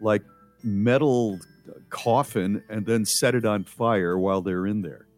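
A man hosting a radio show in casual chat, whose voice jumps high when he gets indignant. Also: a little slow, dry recording, soft background music.

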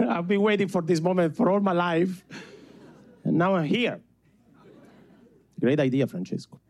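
Man, strong Italian accent, stand-up comedy, self-mocking, handheld stage mic, faint room noise. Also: high-pitched. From Italy. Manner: animated, self-mocking, chuckles between punchlines. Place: comedy club stage with live audience.

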